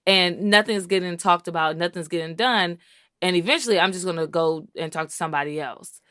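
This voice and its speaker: Earnest woman with a lowish voice. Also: fairly quick, clear, resonant tone, no room sound, clean studio sound. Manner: earnest, animated, frequent "like" and "you know". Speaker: podcast co-host. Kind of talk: casual chat.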